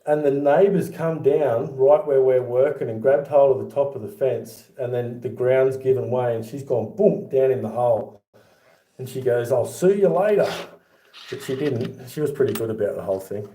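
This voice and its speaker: A middle-aged man with an Australian accent and a mid-pitched voice, spinning chatty yarns and laughing as he goes. He sounds like he's in an echoey room at home. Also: fairly even intonation, normal speed, dark tone. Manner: chatty, laughs through his own yarns. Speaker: livestream host. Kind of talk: casual storytelling livestream. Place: home with boxed-up rooms.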